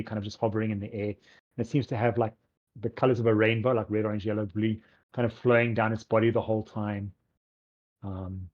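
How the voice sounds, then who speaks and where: A man's voice: lowish voice, a little mellow, lo-fi sound. A man narrating as game master of a tabletop game, rambling along with lots of ums and likes.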